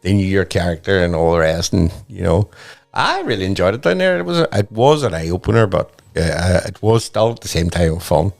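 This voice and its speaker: Northern Irish man in his fifties, fairly deep voice, animated anecdote-teller on a studio podcast. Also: a little fast, gravelly. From Northern Ireland. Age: 50s. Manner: animated, rambling anecdotes with restarts. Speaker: guest comedian. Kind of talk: casual podcast storytelling.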